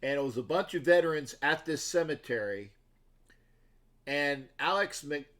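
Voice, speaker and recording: A man with a somewhat high speaking voice hosts a sports show livestream. He talks loosely to his viewers and rambles from story to story. He often restarts his sentences and breaks off into asides. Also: expressive, normal speed, fairly bright tone. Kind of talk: casual rambling livestream chat.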